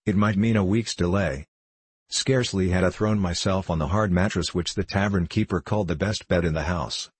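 Male audiobook narrator, measured and even; deep, dry close recording. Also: slightly rough, no room sound. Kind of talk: scripted narration of a classic novel.

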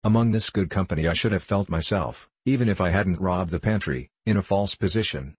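Low, husky male narrator. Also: no echo. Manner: measured, first-person storytelling. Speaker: audiobook narrator. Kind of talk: scripted narration of a novel.

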